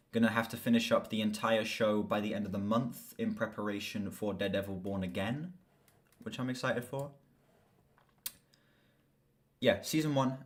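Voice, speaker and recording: A young man chatting casually on a live stream about movies, excitable and swearing freely. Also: fairly low pitch.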